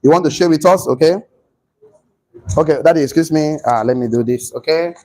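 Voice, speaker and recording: A man lecturing a class, animated, repeating himself and putting questions to the room. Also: a little high, brisk, low-quality recording.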